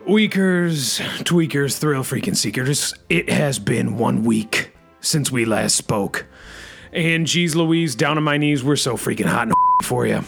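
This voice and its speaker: Guy hosting a comedy podcast, rough gravelly voice, yells catchphrases, says freaking nonstop. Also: medium pitch, unhurried, soft background music. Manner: bellowing catchphrases, peppers every phrase with "freaking". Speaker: podcast host. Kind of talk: comic rant in character.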